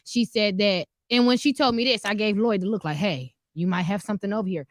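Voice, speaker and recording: A woman's voice: mid-range voice, a little fast, dry recording, clean studio sound. A woman co-hosting a podcast in casual chat, reacting expressively and throwing in sassy retorts. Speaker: podcast co-host.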